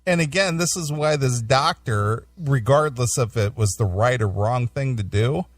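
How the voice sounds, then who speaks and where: A man's voice: medium pitch, normal speed, no room sound, recorded from a distance. A male podcast co-host in casual chat who rambles, often restarting his sentences. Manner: rambling, with restarts and acted-out quotes.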